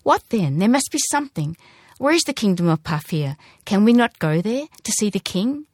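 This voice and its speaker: A woman's voice: medium pitch, sing-song, normal speed, a little mellow, no echo, studio quality, voice pushed up. A woman voicing an earnest young girl raised by a wise bird, asking anxious, pleading questions.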